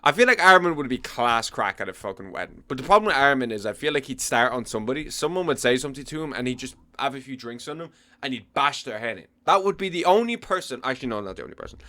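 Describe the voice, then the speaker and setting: A man's voice: mid-range voice, lively intonation, fast, sharp tone, no room sound. A young man giving blunt, profane, casual commentary as host.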